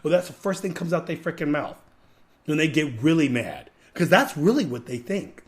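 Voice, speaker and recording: A man's voice: fairly high pitch, expressive, normal speed. A man hosting a podcast, giving an emphatic, repetitive, preachy rant to his viewers. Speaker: podcast host. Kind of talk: ranting commentary.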